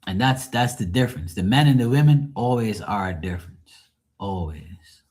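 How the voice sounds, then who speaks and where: A man's voice: on the low side, expressive, normal speed, a little mellow. A man hosting a live tarot stream, chatting casually with viewers in a blunt, profane, rambling way. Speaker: tarot reader and livestream host. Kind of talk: casual livestream chat with viewers.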